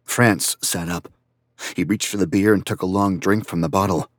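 A man narrating a first-person audiobook in a quiet, reflective, even way. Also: deep voice, moderate pace, dry recording, clean studio sound.

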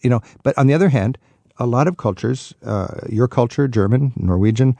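A man's voice: medium pitch, brisk, vocal fry, dark tone, no room sound. A man hosting a radio talk show, chatty and enthusiastic as he interviews a guest and riffs with vivid anecdotes.

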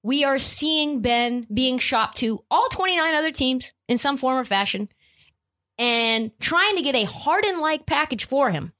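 A woman hosts a sports podcast with an opinionated rant. Her voice sits on the high side and leaps around in pitch. She is blunt and emphatic and swears freely. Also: expressive, unhurried, sharp tone. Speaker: podcast host.

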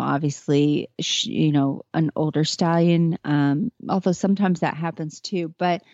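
A woman's voice: fairly low pitch, a little mellow, no room sound, lo-fi sound. A woman talking casually as a podcast guest, earnest and chatty about horses she trains. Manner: earnest, chatty, tearing up at moments.

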